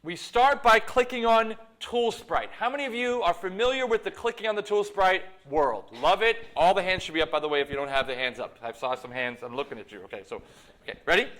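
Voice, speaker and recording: A man's voice: high voice, a little fast, a bit bright. A man giving a live university lecture while demonstrating code, playful and self-mocking in his asides. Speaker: computer science lecturer. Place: lecture hall.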